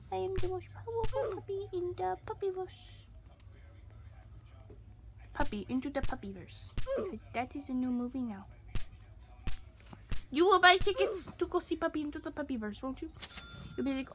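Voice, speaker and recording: A woman voicing a silly, boastful young puppy who talks through a game, giddy and bragging, jumping between shouts and whispers. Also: extremely high pitch, moderate pace, pauses often. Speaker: channel host. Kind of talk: gameplay commentary in character.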